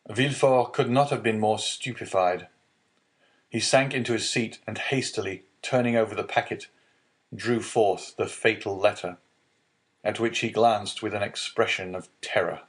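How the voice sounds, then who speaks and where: Male audiobook narrator, lower register, measured classic-novel reading. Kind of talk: scripted narration.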